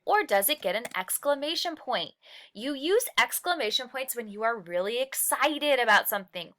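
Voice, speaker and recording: A woman teacher with a bright, clear voice and lively pitch that swings up and down as she talks. She explains patiently, step by step, drawing words out slowly for emphasis and asking young learners questions along the way. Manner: stretches and slows key words for emphasis. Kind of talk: recorded lesson walkthrough.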